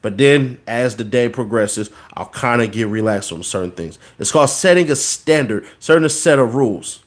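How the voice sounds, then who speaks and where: A man's voice: medium pitch, animated, moderate pace. A man in his thirties hosting a podcast, giving a casual, preachy monologue and repeating words for emphasis. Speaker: podcast host.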